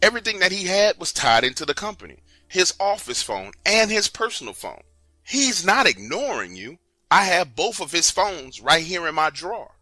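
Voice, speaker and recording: A man's voice: sits high, very animated, moderate pace, pushed and bright, no room sound, exaggerated voice. Male narrator doing a blunt HR lady, plain everyday voice. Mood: matter-of-fact. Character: frank middle-aged woman in HR office.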